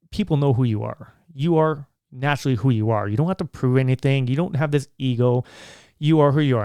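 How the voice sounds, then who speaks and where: A man's voice: mid-range voice, darkish tone, smooth, no echo, clean studio sound. A man hosting his own podcast, talking in a casual, earnest and rambling way. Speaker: podcast host.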